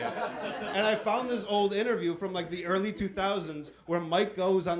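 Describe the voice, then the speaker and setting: A man's voice: high voice, steady tone, fairly quick, fairly bright tone. A man performing a stand-up comedy set, telling loose, profane stories.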